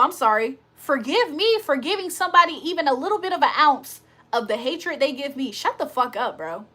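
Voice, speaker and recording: A woman's voice: high-pitched, sharp tone. A woman hosting a casual livestream, talking bluntly and confrontationally with plenty of profanity. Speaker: livestream host.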